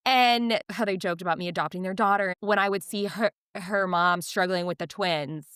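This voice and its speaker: A woman in her thirties, a podcast co-host chatting casually and telling animated stories, acting out the voices she quotes. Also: medium pitch, normal speed, clean tone, no echo, studio quality. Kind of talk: casual chat.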